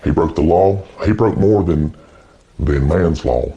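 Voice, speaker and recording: A man's voice: rumbling low, unhurried, warm tone, highs cut off. An actor playing an awkward, earnest adult man who stammers through a mock interview as someone's twin brother. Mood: rambling. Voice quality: creaky. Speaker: interview guest.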